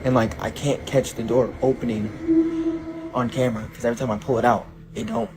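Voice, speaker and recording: A man's voice: medium pitch, wildly swooping pitch, moderate pace, noisy background. A frightened young man, a night shift store clerk, filming himself on his phone inside a small shop, swearing and calling everyone bro. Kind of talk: self-filmed phone video. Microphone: handheld phone.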